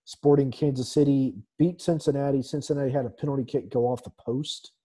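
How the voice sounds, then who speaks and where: A man hosts a casual soccer talk show, working through the evening's scores in a mellow, relaxed voice. He fills the gaps with ums and uhs and slips in a dry, sarcastic aside now and then. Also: mid-range voice, a little fast, husky. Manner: reads scores with many fillers, dry sarcasm. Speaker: soccer podcast host.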